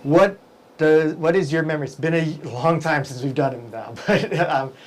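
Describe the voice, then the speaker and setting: A man's voice: fairly high pitch, moderate pace, slight background noise, rough recording. Rambling, filler-heavy male show host. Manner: rambling, filler-heavy, with frequent self-corrections. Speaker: host and event emcee. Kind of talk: casual business chat.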